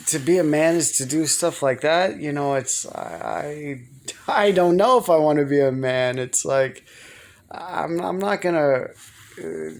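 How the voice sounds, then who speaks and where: A man's voice: on the high side, unhurried. A man talking casually to camera in a personal vlog, rambling and hesitant, often repeating words. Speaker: vlogger.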